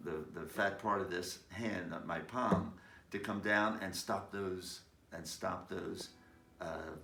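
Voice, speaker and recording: Slow gravelly man teaching guitar. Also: low voice. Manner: slow, halting, frequent fillers, sings snatches of lyrics. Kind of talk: casual guitar lesson with sung demonstrations. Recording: roomy sound, distant mic, loud guitar.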